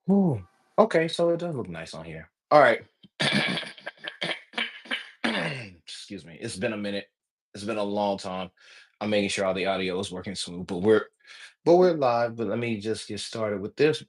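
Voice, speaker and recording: A man with a Southern accent hosting a live podcast interview, talking in an animated, enthusiastic way. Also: fairly low pitch, normal speed, pauses often. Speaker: podcast host.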